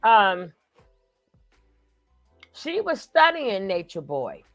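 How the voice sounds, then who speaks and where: Woman, reaction commentary host, gravelly, slow, addresses viewers. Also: medium pitch, very animated, a bit bright, soft background music. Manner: unhurried, talks to viewers directly.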